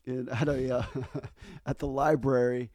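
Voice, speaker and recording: A man in easygoing conversation, his voice mellow and a little dark. He rambles through stories with plenty of fillers and false starts. The sound is close and dry. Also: medium pitch, little pitch movement, a little slow, dry recording. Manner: rambling storyteller with frequent fillers and restarts. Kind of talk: casual chat.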